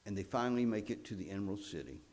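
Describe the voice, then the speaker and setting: A male pastor telling a story in a sermon, animated, with frequent swings in pitch and loudness. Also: racing.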